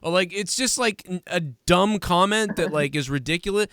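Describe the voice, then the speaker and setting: A man's voice: sits high, normal speed, bright, forceful tone, clear, resonant tone, dry recording, studio quality. A man in his thirties hosting a podcast, ranting in casual chat with lots of swearing and mimicking other people's words. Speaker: podcast host.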